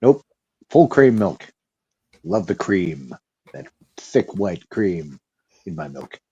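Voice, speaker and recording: A man co-hosting a podcast, chatting casually and teasing his co-hosts. His voice is low and husky, with a dark, mellow tone. His pitch moves in a lively way. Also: takes it slowly, dull audio. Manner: teasing, joking. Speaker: podcast co-host. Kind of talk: casual chat.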